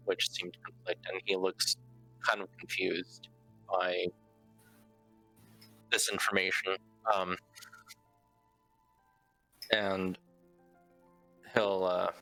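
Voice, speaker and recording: Low, bright-voiced man playing a tabletop character. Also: poor audio. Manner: hesitant. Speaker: player. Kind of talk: narrating his character's actions.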